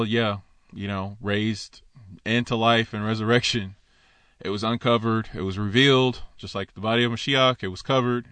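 A man's voice: mid-range voice, smooth, dry recording. Man giving a dry, conversational Torah teaching. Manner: conversational, with animated quoted asides.

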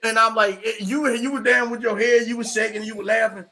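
A man's voice: high voice, steady tone, fairly quick, sharp tone. A man from the northeastern United States, a podcast guest recalling army days in easygoing, laughing chat. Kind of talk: casual chat.

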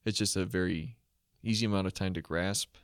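A man's voice: low-pitched, fairly even intonation, fairly quick, no echo, studio quality. A young man co-hosting a podcast, talking casually in a thoughtful, hesitant way as he searches for words. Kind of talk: casual conversational chat.

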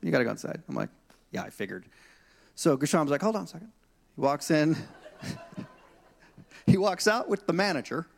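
Animated pastor telling stories. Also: male voice, fairly high pitch, moderate pace, gravelly, pauses often. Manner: animated, acts out dialogue in his anecdotes. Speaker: senior pastor. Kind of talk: storytelling sermon. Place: church stage.

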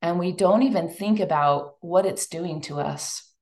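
A woman's voice: on the low side, measured pace. A woman giving a chatty, emotional talk to a live audience. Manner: chatty and emotional, lively asides. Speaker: speaker at a women's event.

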